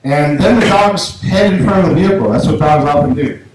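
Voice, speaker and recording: A man's voice: fairly high pitch, fairly quick. Rambling male comic in an echoey room. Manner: rambling, restarts often, acts out quotes in a raised voice. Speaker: stand-up comedian. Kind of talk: stand-up storytelling. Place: small comedy venue. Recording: very echoey room, faint noise.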